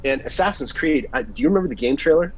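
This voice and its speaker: An American actor recounts his career in a casual interview, telling it animatedly and acting out the lines people said to him. He talks fast at a medium pitch, and the recording is dull and slightly lo-fi, with slight background noise.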